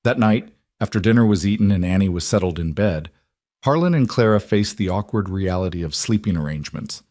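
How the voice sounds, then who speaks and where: A man narrating a western romance story in a calm, measured scripted reading. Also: low-pitched, dry recording, clean studio sound.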